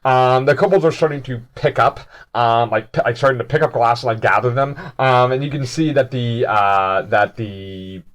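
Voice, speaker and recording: A young man narrating a tabletop game as game master, animated and full of fillers. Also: medium pitch, moderate pace. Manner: animated, laughing, many fillers.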